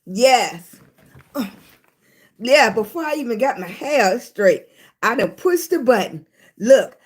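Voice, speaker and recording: A woman chatting casually on a live stream from her phone, greeting viewers, slightly congested after a hospital stay. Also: a little high. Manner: chatty, greets viewers, drawn-out emphatic talk. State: recovering from illness, congested.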